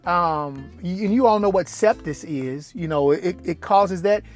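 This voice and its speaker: A man telling a personal story in a casual vlog, acting out the voices of the people in it and jumping up in pitch when he is surprised. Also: unhurried, soft background music. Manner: animated, acts out dialogue, rises sharply when incredulous. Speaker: vlogger.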